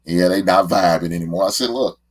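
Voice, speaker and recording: A middle-aged man with a very low voice hosts his own show. He tells stories casually and at length, and he often stumbles and repeats words as he goes. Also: brisk. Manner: rambling, repeats words when emotional. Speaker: podcast host, father. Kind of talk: casual heartfelt monologue.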